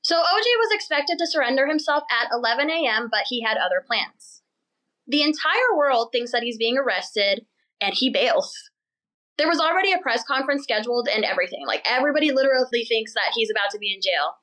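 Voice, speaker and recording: A young woman hosting a podcast, telling a story in an animated, chatty way and laughing as she goes. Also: a little high, low-quality recording. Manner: chatty, animated, laughs while telling, does quick mocking voices for people in the story. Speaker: podcast host. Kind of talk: casual storytelling chat.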